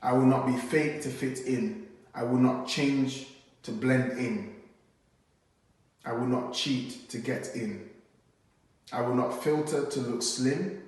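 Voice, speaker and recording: A man performs rhyming spoken word poetry in a calm, earnest voice. He takes each line slowly and lets it land. The sound bounces around a very echoey room, and he stands back from the mic. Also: mid-range voice, distant mic.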